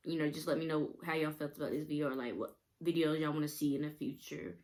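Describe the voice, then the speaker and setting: A woman's voice: sits low, steady tone, quick pace, a little mellow. A young woman vlogger rambling through a casual storytime, laughing often and using many fillers.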